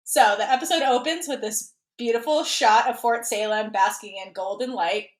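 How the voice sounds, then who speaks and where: A woman co-hosting a podcast in casual chat, chatty and quick to laugh. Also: fairly high pitch, echoey room. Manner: giggly, chatty. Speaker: podcast co-host.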